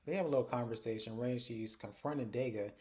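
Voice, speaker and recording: A man hosts a laid-back recap of a TV series, talking through the plot in a loose, chatty way. His voice has a dark, mellow tone. His pitch sits in an ordinary middle range. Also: quick pace. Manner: chatty and conversational, retells scenes with lots of "like". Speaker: TV recap host. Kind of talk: casual TV episode recap.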